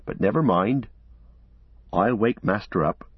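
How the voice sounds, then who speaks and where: A loyal, stout-hearted servant talks in a homely, plain-spoken way, as a man plays him. The voice sits low and a little husky, and the read is close and dry with a slightly muffled top. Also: lively intonation, measured pace, dry recording. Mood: apologetic. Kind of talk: audiobook character voice.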